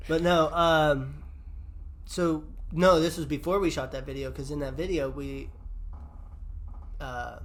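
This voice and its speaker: A man's voice: on the high side, steady tone, unhurried, long pauses, slight background noise. A man hosting a podcast who tells a wild story in casual chat, swearing freely and laughing as he talks. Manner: swears a lot, laughs while telling stories. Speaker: podcast host.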